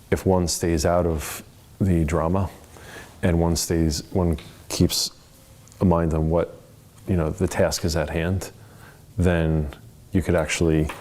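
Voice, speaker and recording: A man's voice: low-pitched, darkish tone. A man leading a church Bible study in an earnest, conversational way, full of rambling asides. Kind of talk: casual teaching.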